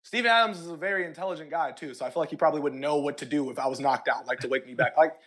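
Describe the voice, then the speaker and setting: A young man hosting a casual podcast, reading listener questions aloud in an animated, laughing way. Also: on the high side, racing. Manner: animated, laughing, mimics yelling. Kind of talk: casual chat.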